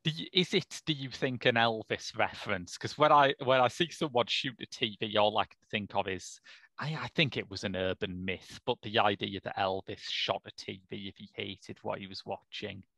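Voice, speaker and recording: Gravelly, sweary man chatting films. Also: on the low side, moderate pace, pushed and bright, no room sound. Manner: blunt, sweary, opinionated. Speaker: podcast co-host. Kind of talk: casual film discussion.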